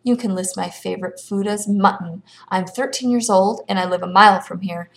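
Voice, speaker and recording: A woman's voice: mid-range voice, a little fast, creaky, natural voice. A woman reading as a sly teasing shepherd boy. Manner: sly, gleeful riddling.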